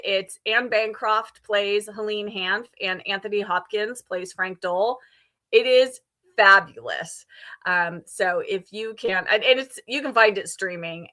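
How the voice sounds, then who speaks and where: A woman's voice: medium pitch, bright, forceful tone. A woman hosting a livestream readalong, chatting casually and laughing often. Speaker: livestream host. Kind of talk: casual chat.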